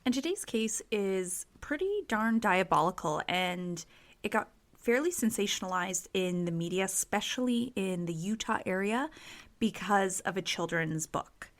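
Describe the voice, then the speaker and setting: A woman hosting a true crime podcast, telling stories in a chatty, expressive way and leaning on casual fillers. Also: medium pitch, unhurried. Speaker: podcast host.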